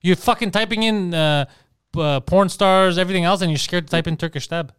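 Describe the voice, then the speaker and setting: A rapid-talking man with a smooth, clear voice and close, dry sound. He spins stories in a lively, animated way and teases his co-hosts constantly, all in loose podcast banter. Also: sits high, dry recording. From Greece. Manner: animated storyteller who teases. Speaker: podcast co-host. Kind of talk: casual chat.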